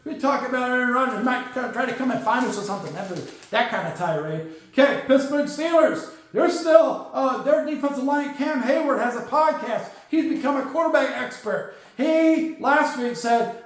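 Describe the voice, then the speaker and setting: Sarcastic high-voiced man in echoey room. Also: animated, normal speed, few pauses. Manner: sarcastic, rambling, lots of fillers. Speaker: football podcast host. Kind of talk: casual sports news commentary.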